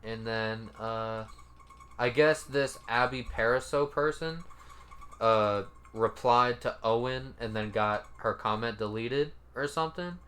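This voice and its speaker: Reading comments aloud, a male commentary YouTuber offers relaxed remarks, swearing occasionally and coming across as mildly incredulous. He speaks slowly in a mid-range voice with a slightly bright tone.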